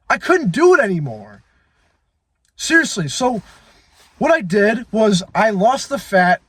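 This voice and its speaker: A man's voice: high voice, big pitch swings, unhurried, long pauses, fairly bright tone, breathy edge, dry recording. A man in his twenties talking into his phone in a blunt, profane, emphatic confessional monologue. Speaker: fitness vlogger.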